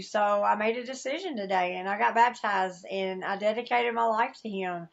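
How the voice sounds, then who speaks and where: A woman's voice: a little high, moderate pace, gravelly, hardly any pauses, dull audio. A woman with a Southern US accent, a podcast guest sharing a personal testimony, candid and emotional, acting out the voices she quotes. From American South.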